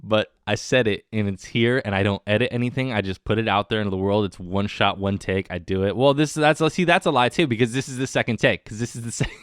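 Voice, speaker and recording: Male podcast host, solo casual chat, wired and self-mocking; smooth voice, dry close sound. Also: fairly low pitch, quick pace, hardly any pauses, no room sound. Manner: rambling, self-mocking and jokey. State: wired on coffee.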